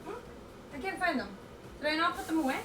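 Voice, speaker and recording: Woman streamer, high voice, chatty and scattered, cooking at home, echoey room, mic set back. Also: fast, recorded from a distance, noisy background. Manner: chatty, reads chat aloud, scattered and playful. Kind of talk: casual chat while cooking. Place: home kitchen.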